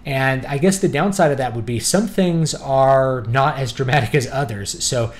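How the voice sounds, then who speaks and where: A man giving a casual spoken review of audiobooks, relaxed and conversational, thinking aloud as he goes. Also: medium pitch, moderate pace. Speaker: book reviewer.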